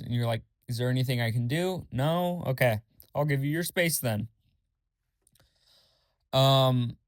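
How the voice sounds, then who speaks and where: A young man hosts his own podcast, rambling candidly through a casual, journal-style monologue full of fillers and swearing. He imitates other people in a high, mocking voice. The studio-quality recording has no room sound.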